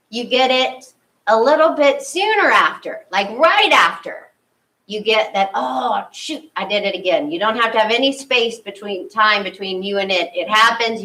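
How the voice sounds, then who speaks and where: A woman's voice: mid-range voice, pushed and bright. A woman, a spiritual leader, giving a conversational sermon and acting out her own inner thoughts, heard from a distance.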